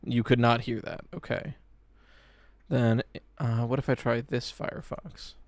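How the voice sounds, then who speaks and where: Excitable man streaming live to chat. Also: mid-range voice, a little slow, dry recording. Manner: excitable and animated, swears casually, talks to chat. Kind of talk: casual live-stream chatter reacting to a game trailer.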